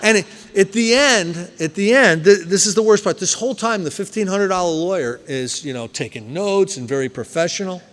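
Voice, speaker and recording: A man from New Jersey speaks at a recovery meeting, telling a personal story and acting out the scenes with loud bursts. His voice sits high. The sound carries a long reverb from the hall. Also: brisk, few pauses. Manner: animated storyteller, acts out scenes loudly.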